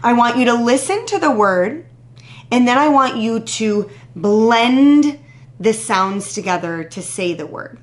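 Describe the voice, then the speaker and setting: Her voice a little high and expressive, a teacher runs a phonics warm-up for young children at a slow, deliberate pace. Each word is sounded out crisply, and every answer earns patient, drawn-out encouragement following a pause.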